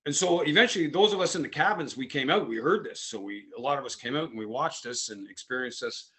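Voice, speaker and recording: A man's voice: medium pitch, animated, quick pace, sharp tone, breathy edge. Rambling French Canadian man telling stories. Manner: rambling, frequent "eh" and "man" fillers. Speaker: podcast host. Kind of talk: casual storytelling.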